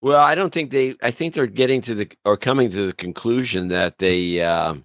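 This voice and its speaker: An older man speaking as a guest on a podcast in a halting, casual way, often restarting his sentences. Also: medium pitch, a bit bright, no room sound. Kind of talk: casual interview chat.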